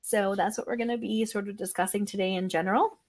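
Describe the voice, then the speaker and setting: A woman hosts a podcast in a loose, conversational way, often pausing on fillers. Her voice sits in a middle range. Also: mid-range voice. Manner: relaxed, chatty, with fillers. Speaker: podcast host. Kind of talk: casual podcast chat.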